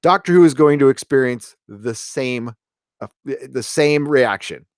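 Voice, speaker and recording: A man's voice: mid-range voice, a little slow, no echo, studio quality. A middle-aged American man hosting a livestream, ranting casually with profanity and lots of fillers, then reading out viewer chat. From United States. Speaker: livestream host.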